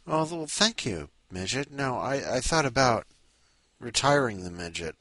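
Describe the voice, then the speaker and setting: A man's voice: mid-range voice, very animated, measured pace, sharp tone, no room sound. A man hosting a podcast in a rambling, sleepy way, full of restarts and asides. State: sleepy, up at five in the morning. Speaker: podcast host. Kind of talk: casual rambling chat.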